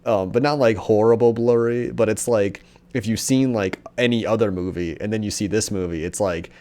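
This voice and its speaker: Young male reviewer, somewhat low pitch, rambling, profane and sarcastic. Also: normal speed, darkish tone. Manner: rambling, filler-heavy, sarcastic. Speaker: movie reviewer. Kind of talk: casual, profane rant.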